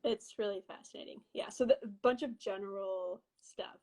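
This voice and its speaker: A woman's voice: medium pitch, moderate pace, darkish tone, low-quality recording. A young woman who is a guest on a video call, chatting in a friendly, hesitant way with many ums. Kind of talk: casual video-call chat.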